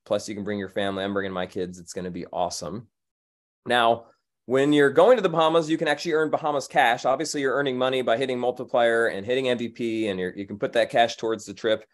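Male team host, excited and casual, video-call sound. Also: medium pitch, quick pace. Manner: enthusiastic, casual, many fillers. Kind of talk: upbeat company meeting talk.

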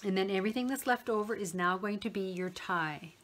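A middle-aged woman explaining a sewing project step by step in a relaxed manner, talking while she works with her hands. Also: mid-range voice, brisk. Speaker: sewing tutor. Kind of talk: step-by-step craft tutorial.

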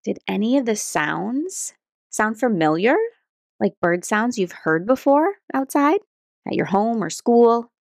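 A woman teaching a children's lesson about birds, speaking cheerfully and clearly to young kids. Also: a little high, measured pace, no room sound, studio quality. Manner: soft, calming guided breathing. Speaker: kids activity instructor.

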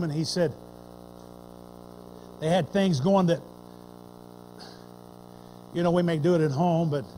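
High-voiced preacher man, folksy and animated, going from loud to hushed. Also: slight background noise, rough recording. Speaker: pastor. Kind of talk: sermon.

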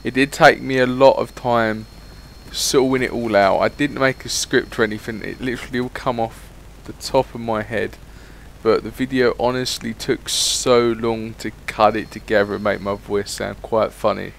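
A man's voice: medium pitch, fairly even intonation, moderate pace, gravelly, a bit bright, a little hiss or hum. A young man hosting an improvised comedy gaming commentary, rambling and crude with jokey asides.

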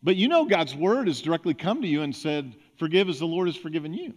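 High-voiced man preaching a sermon. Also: animated, quick pace. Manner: conversational preaching with acted-out examples. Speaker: pastor. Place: church sanctuary.

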